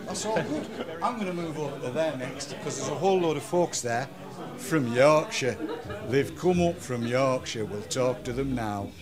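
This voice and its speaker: A man's voice: mid-range voice, lively intonation, moderate pace. A man chatting and joking with people while holding a microphone in a pub. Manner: jokey, teasing, chatty. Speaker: roving interviewer at a meetup. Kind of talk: casual vox-pop chat. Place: busy pub. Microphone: handheld microphone. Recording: pub crowd chatter behind.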